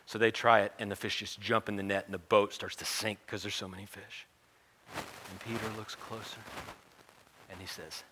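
A man's voice: lowish voice, moderate pace, sharp tone, a little hiss or hum. A man preaching in a casual storytelling way, with humorous asides. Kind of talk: sermon storytelling.

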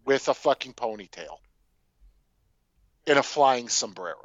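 A man's voice: mid-range voice, expressive, unhurried, no echo, muffled recording. A man in his forties, a podcast co-host, ranting profanely and with exasperation about a film in casual chat.

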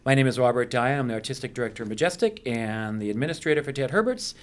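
A man's voice: mid-range voice, lively intonation, quick pace. A middle-aged man hosting a radio show in a studio, chatting playfully with guests and using many fillers. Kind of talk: casual radio interview.

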